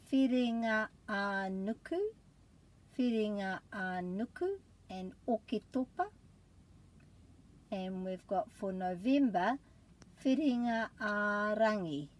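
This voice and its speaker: Slow, patient New woman teacher. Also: mid-range voice, a little mellow. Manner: careful, patient, sounds out syllables slowly. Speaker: language teacher. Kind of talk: slow pronunciation lesson.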